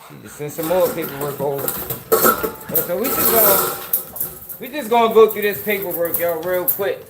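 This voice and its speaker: A man's voice: sits high, unhurried, reverberant, heavy background noise. A man from Baltimore with a Baltimore accent, hosting a casual live-stream commentary show, profane and answering chat comments directly.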